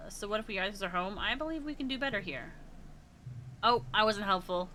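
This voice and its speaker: A woman's voice: mid-range voice, brisk, bright, forceful tone, slight background noise. A woman streamer reading a game's text aloud between playful reactions, laughing and gasping as she plays. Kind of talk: reading a game aloud with casual chat.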